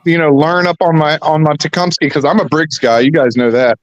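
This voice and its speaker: A man chatting casually on a live stream, excitable and quick to exclaim. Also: fairly high pitch, dry recording, lo-fi sound.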